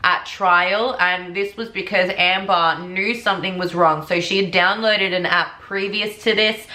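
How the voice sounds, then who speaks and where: A woman's voice: mid-range voice, pushed and bright, reverberant. A woman vlogger casually retelling a true crime case in a chatty, conversational way.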